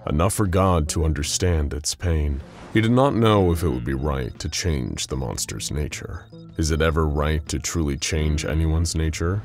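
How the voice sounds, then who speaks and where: A man narrating a dark story in a measured, dramatic storytelling voice. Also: a bass voice.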